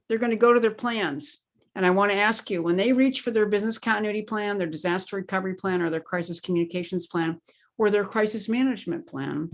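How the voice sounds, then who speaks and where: A woman's voice: medium pitch, gravelly. A woman speaking as an expert interview guest, explaining her points in an emphatic conversational way and leaning on key words. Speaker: guest expert on crisis planning.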